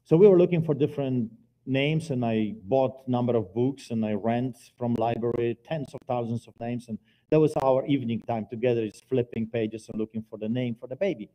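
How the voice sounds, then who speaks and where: A middle-aged man preaching a personal testimony at a church service, earnest and by turns quiet and forceful. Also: medium pitch, fairly quick. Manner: earnest, swings between quiet and loud. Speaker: guest preacher giving testimony. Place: church sanctuary, live service.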